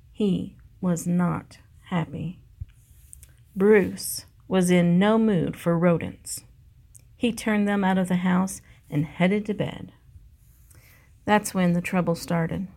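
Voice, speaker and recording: A librarian reading a children's picture book aloud in a slow, clear way. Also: female voice, lowish voice, warm tone.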